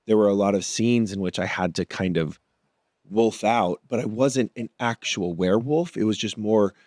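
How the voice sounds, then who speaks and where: A man with a fairly low voice talks as an actor guest in a relaxed interview. He reflects as he goes, building his answers bit by bit. The sound is dry and close, with no room around it. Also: moderate pace, no echo. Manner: thoughtful, works through ideas aloud. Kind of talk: casual interview conversation.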